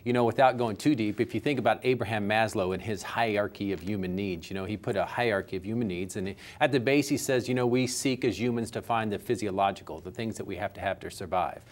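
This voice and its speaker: In an interview, a man speaking as a customer service coach talks fast in a fairly low voice with hardly any pauses. He's animated, explaining his points through everyday examples.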